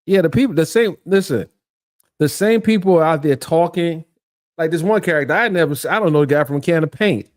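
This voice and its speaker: A middle-aged man hosting a livestream, ranting in a mocking, animated way with frequent laughter and repeated phrases. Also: a little high, fairly quick. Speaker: livestream host. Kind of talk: casual livestream rant.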